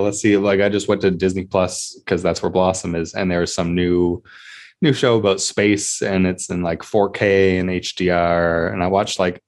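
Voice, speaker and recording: A man with a very low, deep voice talks through a TV episode on a podcast. He recaps scenes in a loose, conversational way, slipping into voices for the characters. The talk is casual and unscripted. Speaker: podcast co-host. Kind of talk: casual chat.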